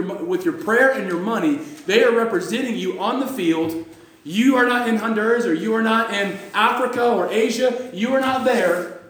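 A man preaching with a notably high voice, pressing his points by repeating phrases and restarting lines. He reads scripture in old-fashioned wording, and the sound rings around an echoey church hall. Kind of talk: sermon.

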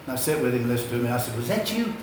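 A man's voice: medium pitch, little pitch movement, racing, darkish tone, a little hiss or hum. An older man preaching a sermon, telling folksy, rambling stories and repeating his phrases. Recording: echoey hall.

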